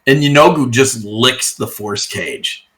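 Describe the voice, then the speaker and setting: A man narrating as game master of a tabletop game, relaxed and rambling, with lots of fillers. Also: mid-range voice, unhurried.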